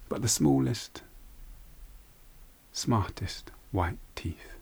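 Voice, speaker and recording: A man telling a folk tale aloud in an unhurried, hushed way, with repeated phrases. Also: lowish voice, lively intonation, gravelly, breathy edge. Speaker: storyteller. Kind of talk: oral folk-tale storytelling.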